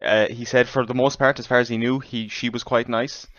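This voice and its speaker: A man's voice: mid-range voice, flat delivery, fairly quick, fairly bright tone, dry recording. An Irish man co-hosting a casual podcast, dry in tone, steering the chat with questions and short anecdotes. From Ireland. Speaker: podcast co-host. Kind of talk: casual banter. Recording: dull, dry, slightly lo-fi mic.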